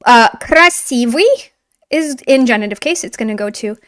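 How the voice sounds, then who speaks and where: A woman's voice: fairly high pitch, animated, normal speed, fairly bright tone, no room sound, studio quality. A woman teaching a video language lesson in an upbeat, encouraging, chatty way while writing on a board.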